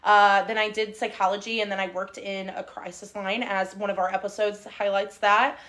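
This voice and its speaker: A young woman from the Middle East co-hosting a podcast in a casual, chatty way, with lots of fillers and quick laughs. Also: medium pitch, level tone, a bit bright. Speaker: podcast co-host. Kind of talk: casual chat. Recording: live stream, recorded together in a car.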